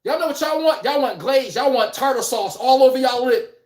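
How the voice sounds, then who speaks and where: A man's voice: very high-pitched, a little fast, echoey room. A man hosting a casual live-stream sports podcast, talking bluntly and animatedly, swearing and laughing as he rants. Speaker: podcast host.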